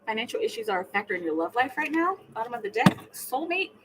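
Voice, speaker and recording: A woman's voice: high-pitched, sing-song, fast talker, creaky, fairly bright tone, a little hiss or hum, low-quality recording. A woman giving a live tarot reading, chatting casually and laughing, sometimes murmuring her questions to the cards. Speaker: tarot reader.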